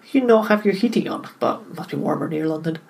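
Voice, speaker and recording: A woman's voice: mid-range voice, creaky. A woman co-hosting a podcast, teasing and joking in casual chat. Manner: playful and teasing, cracks jokes. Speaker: podcast co-host.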